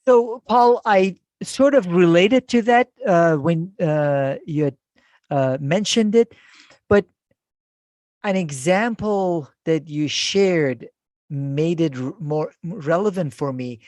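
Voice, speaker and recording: A man hosting a leadership podcast, speaking in a measured way with many "uh" fillers. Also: on the high side, darkish tone, no room sound. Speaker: podcast host. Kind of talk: podcast interview.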